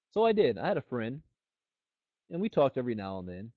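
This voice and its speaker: A middle-aged man gives a motivational network marketing training, speaking fairly quickly in a medium-pitched voice. He's an animated storyteller who acts out the people he quotes. The recording is dull, dry and lo-fi, with no echo.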